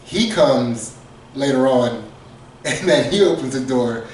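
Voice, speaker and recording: A man's voice: mid-range voice, animated, slow pace, darkish tone, a little hiss or hum. A man co-hosting a podcast, telling a comedic story casually, laughing often and acting out quotes. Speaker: podcast co-host. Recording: echoey room, far from mic.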